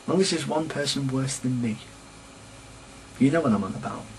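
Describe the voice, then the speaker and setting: A man's voice: medium pitch, a little fast, a little mellow, a little hiss or hum, low-quality recording. A young man from Sheffield with a Sheffield English accent, rambling and chatty as he rants casually to camera in a vlog. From England. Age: young adult. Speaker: vlogger.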